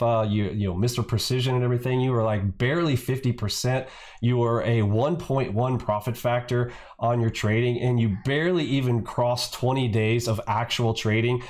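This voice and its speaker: A man's voice: mid-range voice, a little mellow. A man hosting a trading channel, delivering an angry, profane reaction rant that mocks and insults, often tacking on "bro". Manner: profane, mocking, repeats "bro".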